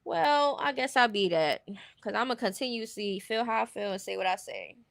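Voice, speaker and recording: A woman's voice: a little high, moderate pace, creaky, dry recording. A woman streaming casual commentary, blunt and opinionated, often laughing as she talks.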